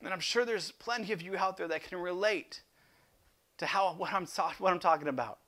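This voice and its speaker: A man preaching a sermon as pastor, impassioned and swinging from loud emphasis to hushed intensity, often repeating words as he restarts. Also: high-pitched, fairly quick.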